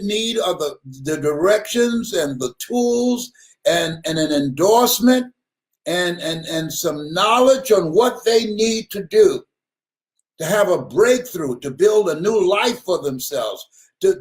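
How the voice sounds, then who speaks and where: A man's voice: sits high, lively intonation, slow pace. A man giving a motivational sermon. He laughs often and repeats his words for emphasis. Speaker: motivational speaker.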